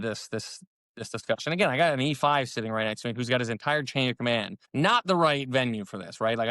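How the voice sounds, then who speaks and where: A middle-aged man with an American accent tells his story at a brisk clip and acts out each quoted line. His voice is smooth and clear on a dry, close mic. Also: mid-range voice, a bit bright, dry recording. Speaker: retired army captain, podcast guest. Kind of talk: casual storytelling interview.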